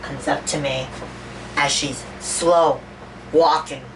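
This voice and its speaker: A woman's voice: sits low, fairly even intonation, slow, vocal fry, distant mic, background noise, heavily acted. A woman voicing a grieving young man who gives a rambling, stammering eulogy in a homemade toy-figure animation. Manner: stammering, repeats words, rambling. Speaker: eulogy speaker.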